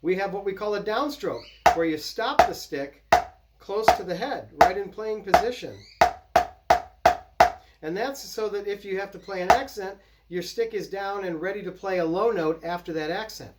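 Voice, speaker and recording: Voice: medium pitch, normal speed, very noisy. A drum teacher giving a casual, explanatory lesson and counting out patterns while playing. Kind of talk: casual instructional demo. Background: loud snare drumming.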